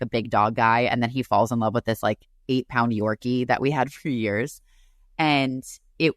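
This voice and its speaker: A woman's voice: extremely low pitch, dry recording, clean studio sound. A woman co-hosting a podcast remotely, comforting her friend in a rambling, tearful way. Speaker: podcast co-host. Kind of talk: casual chat. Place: separate room, remote recording.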